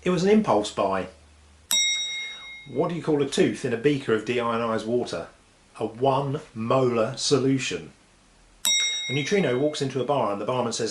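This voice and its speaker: A man telling science jokes in a lively way, dropping punchlines deadpan. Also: medium pitch, normal speed, long pauses. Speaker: host. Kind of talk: comic joke telling. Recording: echoey room with faint noise.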